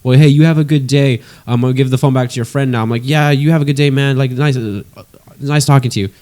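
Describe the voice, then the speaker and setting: Young man, podcast co-host, casual chat, excited storytelling, swears a lot. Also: mid-range voice, quick pace.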